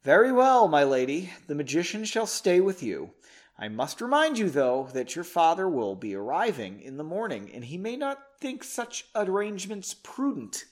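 A cold, sneering young nobleman in a storybook reading, haughty and clipped, voiced by a man. The voice sits a little high and moves around a lot. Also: huge pitch swings, normal speed.

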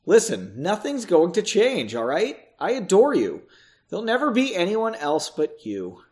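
A man voicing a calm young man who speaks softly and reassuringly to the woman he loves. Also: high-pitched, a little slow, full character voice. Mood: tender. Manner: soft and reassuring.

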